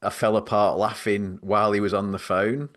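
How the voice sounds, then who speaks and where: A man on a podcast telling stories in a loose, rambling way. He speaks in a lowish voice, laughs easily and pokes fun at himself. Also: level tone, moderate pace, fairly bright tone. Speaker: podcast host. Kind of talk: casual storytelling chat.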